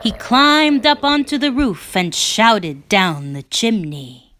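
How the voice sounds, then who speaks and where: Slow, expressive woman reading a storybook. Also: on the high side, a little hiss or hum. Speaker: children's storytime reader. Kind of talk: children's storybook read-aloud.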